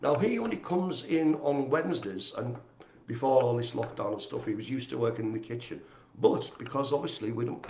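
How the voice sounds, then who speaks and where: Cheery host, lively up-and-down delivery, self-mocking waffle, echoey room. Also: male voice, medium pitch. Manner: chatty, jokey, rambling, self-mocking. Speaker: host of a live community broadcast. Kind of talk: casual live-stream chat.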